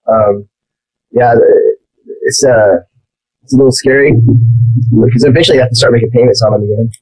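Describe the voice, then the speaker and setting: A man's voice: mid-range voice, fairly even intonation, moderate pace, darkish tone, breathy edge, poor audio. A man appearing as a mortgage lender guest on a podcast, talking casually and loosely with plenty of filler words.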